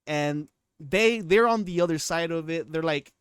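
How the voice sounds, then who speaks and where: A man's voice: on the high side, moderate pace, fairly bright tone, clean tone, no room sound, studio quality. A man in his twenties giving casual commentary on his channel, rambling and often restarting his sentences. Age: 20s. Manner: rambling, restarts and repeats himself. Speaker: commentary YouTuber.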